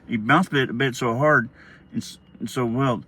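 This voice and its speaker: A man's voice: mid-range voice, steady tone, moderate pace, pushed and bright, slightly rough. A middle-aged man, telling a childhood story in a casual, rambling way, often laughing and acting out quotes. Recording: faint background noise.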